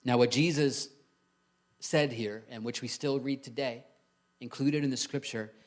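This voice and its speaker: A pastor with a mid-range voice preaches a sermon in church, speaking conversationally and posing rhetorical questions to the congregation.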